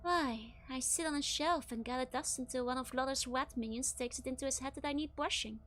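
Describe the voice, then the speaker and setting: A woman voicing a sultry, bored talking skull in a slow, languorous whisper, as a whispered role-play. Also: sits high, fairly bright tone, faint music behind. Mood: weary.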